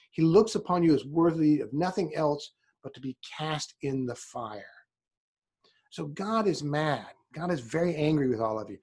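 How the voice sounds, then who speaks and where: A middle-aged man lecturing a history class in a loose, conversational way, full of ums and restarts. His voice sits a little high for a man and has a husky edge. He throws playful asides at his students. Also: darkish tone. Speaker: history teacher.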